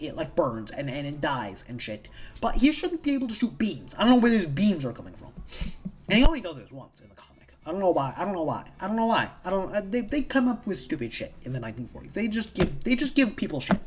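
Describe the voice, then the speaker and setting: A comic book reviewer talking through a plot in a casual, meandering recap, swearing freely and circling back on the same phrases. The voice swings up and down a lot, with a lively, animated pitch. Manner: rambling, profane, repeats themselves.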